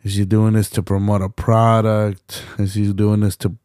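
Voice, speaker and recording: A man's voice: on the low side, little pitch movement, normal speed, a little mellow, clear, resonant tone, no echo, clean studio sound. A young man hosting a solo podcast, rambling passionately with lots of fillers, restarts and swearing. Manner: swears often. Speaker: podcast host.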